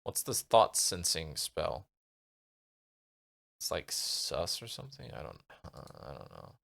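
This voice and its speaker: Man reading a gamebook aloud, lively. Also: a bass voice, measured pace, gravelly. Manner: reads aloud, muttering asides to himself. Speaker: streamer. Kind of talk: casual narration while playing a gamebook.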